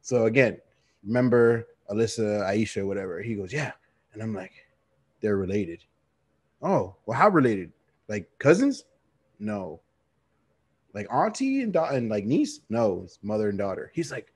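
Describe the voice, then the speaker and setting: A man's voice: fairly low pitch, normal speed, pauses often, husky, no room sound. A man co-hosting a podcast, telling a personal story in casual chat, acting out other people's voices and laughing often. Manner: animated storyteller, acts out friends' voices and laughs a lot. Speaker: podcast co-host.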